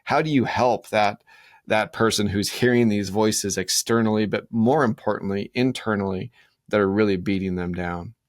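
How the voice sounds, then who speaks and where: A man with a fairly low voice hosting a podcast, recorded dry and close to the mic. He asks long questions in a loose, conversational way and rephrases himself as he talks. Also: normal speed, no room sound. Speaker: podcast host. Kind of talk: interview questions.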